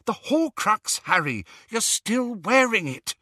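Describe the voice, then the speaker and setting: A man doing Hermione, brisk clever young woman. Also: on the high side, sing-song, fairly bright tone, breathy edge, no echo, clean studio sound, pitched above the performer's own voice, exaggerated voice. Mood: urgent. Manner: quick, impatient, insistent.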